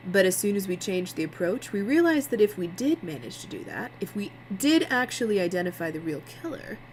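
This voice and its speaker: A woman's voice: mid-range voice, sing-song, a little fast, darkish tone, slight background noise, close to an everyday voice, poor audio. Smug sneering tv producer guy read by a woman, needling everyone, storybook read-aloud. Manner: sarcastic, needling. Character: smug male TV producer, mocking.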